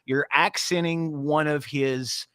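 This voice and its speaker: A man co-hosting a podcast in casual chat, explaining at length with animated delivery. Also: on the high side, takes it slowly, clean tone, no room sound. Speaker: podcast co-host, voice performer.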